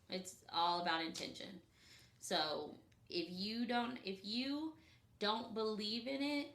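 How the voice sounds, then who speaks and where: A woman co-hosting a casual chat about spiritual practice, rambling with many fillers and dropping into soft, breathy asides. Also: medium pitch. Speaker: podcast co-host. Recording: echoey room.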